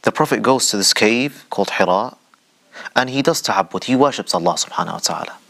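A man's voice: lowish voice, lively intonation, brisk, gravelly, fairly bright tone. A man hosting a religious commentary show, speaking in a rhetorical way, addressing the audience directly with dramatic emphasis. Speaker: show host.

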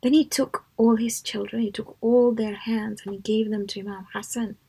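A woman with a rather high, husky voice leads a children's lesson as a storyteller. She speaks softly and earnestly and often sinks into a hushed whisper. Her emphasis comes out in warm, pressed tones. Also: steady tone, normal speed. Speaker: teacher of a children's religious class. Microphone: live online talk.

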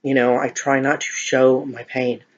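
A woman's voice: a bass voice, little pitch movement, unhurried. A middle-aged woman chatting casually to viewers while eating, joking about herself. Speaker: mukbang vlogger. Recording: dull lo-fi home recording.

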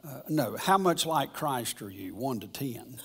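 A man giving an informal Bible lesson at church, rambling and halting, often restarting his sentences. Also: mid-range voice, expressive, vocal fry, a bit bright, breathy edge. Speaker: church teacher.

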